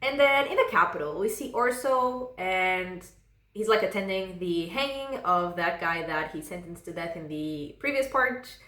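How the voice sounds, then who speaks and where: A woman's voice: on the low side, expressive, unhurried, sharp tone, echoey room. A woman casually recapping a novel for her book vlog, rambling and filling gaps with "like". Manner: rambling, fills with "like". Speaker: book vlogger.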